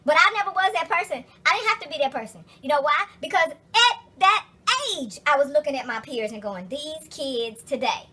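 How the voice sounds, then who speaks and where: A woman's voice: sits high, big pitch swings, brisk, few pauses, sharp tone. A young adult woman vlogger retelling a story as a rant, profane, emphatic and exasperated.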